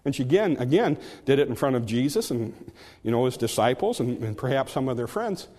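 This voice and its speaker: A man's voice: mid-range voice, sing-song, brisk, mellow, in a large hall. A man preaching a sermon in an earnest, conversational way, often restarting his words.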